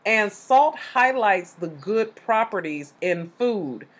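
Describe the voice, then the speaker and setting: A woman's voice: mid-range voice, expressive, takes it slowly. A congested woman hosting a faith-based podcast, explaining scripture in an earnest, teaching way. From Chicago area. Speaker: podcast host.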